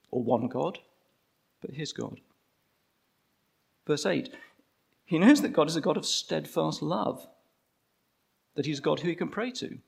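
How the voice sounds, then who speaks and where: A man delivers a sermon in an easy, conversational way, stretching out the phrases he wants to land. His voice sits fairly high and swings widely in pitch. A gravelly edge runs under his words. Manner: conversational, slows down to stress key phrases. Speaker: preacher.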